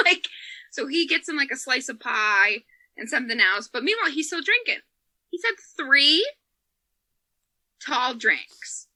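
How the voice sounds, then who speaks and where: A woman's voice: high-pitched, sing-song, measured pace, sharp tone, no room sound. A woman comedian telling a story on a podcast, swearing freely and laughing as she talks. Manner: profane, laughing, emotional storyteller. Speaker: comedian and former bartender. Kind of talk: animated comic storytelling on a podcast.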